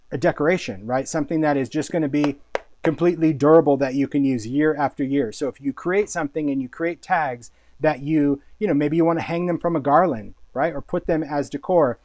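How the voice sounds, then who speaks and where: A man's voice: on the high side, darkish tone, dry recording. A man hosting a casual live product showcase, talking with enthusiasm, chatty and often repeating words as he thinks. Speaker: host and product designer.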